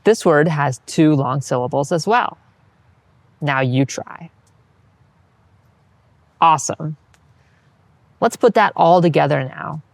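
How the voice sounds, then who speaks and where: A patient teacher's voice guides the listener through a line of verse, speaking at a slow, deliberate pace. It models each phrase and then warmly invites the listener to try it. The recording is dry and close, with no room sound. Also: mid-range voice, lively intonation, no echo. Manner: patient, encouraging, models recitation for the listener to repeat. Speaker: Latin teacher. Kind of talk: scripted instructional narration.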